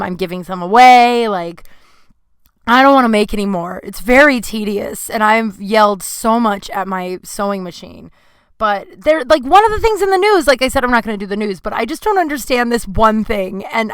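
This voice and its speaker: A woman's voice: medium pitch, a bit bright, clean tone, dry recording. A woman hosting her own podcast, talking in a rambling, candid way with many fillers and sudden bursts of exasperation. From California. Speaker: podcast host. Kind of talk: casual solo podcast monologue.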